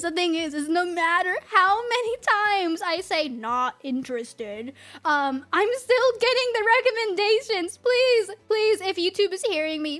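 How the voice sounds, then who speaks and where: A woman's voice: very high-pitched, fairly bright tone. An American woman in her thirties, a VTuber rambling and ranting in a casual stream, giggling often. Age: 30s.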